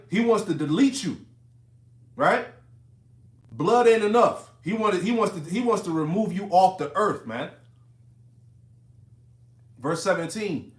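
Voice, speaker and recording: A man's voice: sits high, fairly bright tone, roomy sound. A man giving a casual, profane, emphatic Bible teaching, reading verses and riffing on them conversationally.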